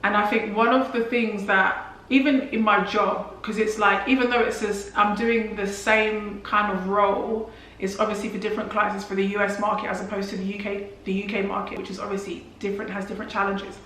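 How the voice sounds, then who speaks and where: A woman's voice: medium pitch, level tone, fairly quick, fairly bright tone. A young woman from London with a London English accent, chatting casually to her viewers with lots of "like" fillers and restarts. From England. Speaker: vlogger. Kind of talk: casual chat to camera. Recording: very echoey room.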